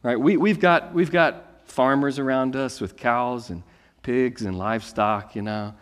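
A man preaching a sermon, reading scripture and then explaining it in a lively, conversational storytelling way. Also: medium pitch, a little slow, clean tone, long reverb tail. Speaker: pastor.

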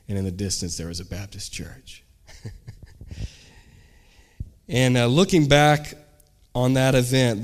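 A man, a pastor, telling a story during a sermon and acting out the people in it. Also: medium pitch. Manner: animated storyteller, acts out shouted quotes.

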